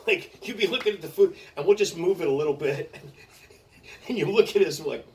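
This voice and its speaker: A man's voice: fairly high pitch, brisk. A man chatting casually and telling stories with lots of swearing, often laughing as he talks. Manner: profane, laughing, animated storyteller. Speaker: comedian. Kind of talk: casual chat. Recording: distant mic with faint noise.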